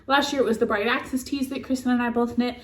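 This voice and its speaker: A woman co-hosts a podcast in an echoey room, speaking fast in a slightly high, fairly bright voice with a steady tone. She rambles casually about her knitting and laughs a lot.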